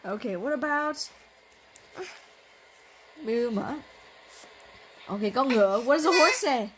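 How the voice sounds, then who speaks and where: A woman's voice: a little high, animated, takes it slowly, very noisy. A woman whose first language is Vietnamese, a mother playing a bedtime game with her toddler, coaxing, playful and laughing often as she switches between two languages at home.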